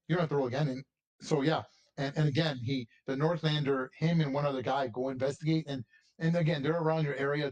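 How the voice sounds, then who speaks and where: A man's voice: mid-range voice, a little mellow. A man narrating a tabletop game as game master, rambling with frequent restarts and repeated words.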